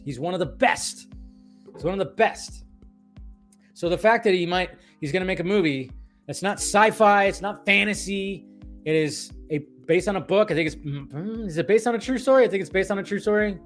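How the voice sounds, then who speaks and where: A man ranting casually about films on a livestream, animated and profane, rambling with restarts, tired and wired on coffee. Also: high voice. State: tired and caffeinated. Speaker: film commentary streamer.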